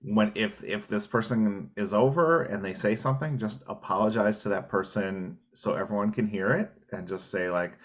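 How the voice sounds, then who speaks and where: A podcast co-host in casual chat, blunt and outspoken. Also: male voice, on the low side, normal speed. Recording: dull lo-fi sound.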